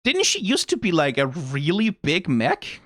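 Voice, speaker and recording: A man's voice: a little high, wildly swooping pitch, measured pace, a bit bright, dry recording, clean studio sound. A man with a Danish accent giving casual, rambling commentary as a reaction YouTuber, swearing and firing off rhetorical questions. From Denmark. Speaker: video game reaction YouTuber.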